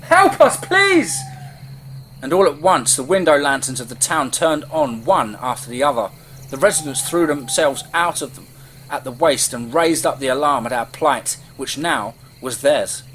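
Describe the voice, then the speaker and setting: A man's voice: medium pitch, normal speed, fairly bright tone, slight background noise. A man narrating a first-person horror story in a tense, vivid way, building with the action.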